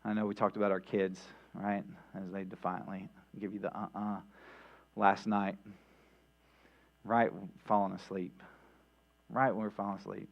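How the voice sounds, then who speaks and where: A man's voice: on the low side, level tone, unhurried, vocal fry, pauses often. A man preaching a midweek sermon in a church, talking conversationally with many "right?" asides and restarts. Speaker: pastor. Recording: dull lo-fi sound with mains hum.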